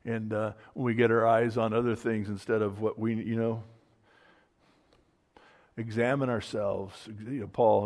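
A male pastor preaching in a loose, conversational way. He often stops to restart a phrase and fills gaps with "you know". His voice sits at an ordinary middle pitch. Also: steady tone, measured pace. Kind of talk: sermon.

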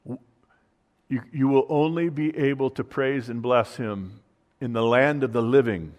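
A man delivers a sermon as pastor, moving between quiet, low remarks and loud, fervent proclaiming. He reads scripture aloud between his comments. His voice sits at a middle pitch and rings with the long reverb of a church hall. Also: unhurried, lo-fi sound. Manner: swings from soft, low asides to loud proclaiming.

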